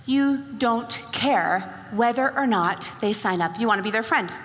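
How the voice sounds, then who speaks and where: Lively high-voiced woman speaking on stage. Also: a little slow. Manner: animated storyteller acting out both sides of a conversation. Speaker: speaker at a sales event. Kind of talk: motivational talk to a live audience. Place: large hall before an audience. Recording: live hall recording with reverb.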